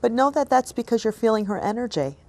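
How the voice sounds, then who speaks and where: A woman hosting as a psychic medium, giving a reading in a gentle, apologetic, emotional way that often drops to a soft hush. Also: fairly high pitch, very animated, quick pace.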